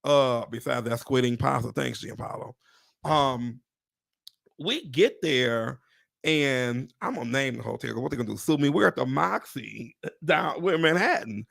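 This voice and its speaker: A man in his forties hosts a casual live chat, swinging his voice high and low with a gravelly edge. He tells stories with big animated energy and leaps into squeaky voices to quote people. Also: normal speed. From Pontiac, Michigan. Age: 40s. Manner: animated storyteller, jumps into high voices when quoting people. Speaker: host.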